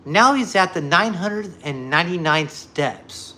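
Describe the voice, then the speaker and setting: A man's voice: high-pitched, expressive, a little slow, bright, forceful tone. A man chatting casually with his viewers and telling a joke, rambling and swearing, with lots of fillers. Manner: profane, rambling, full of fillers. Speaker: streamer talking to viewers.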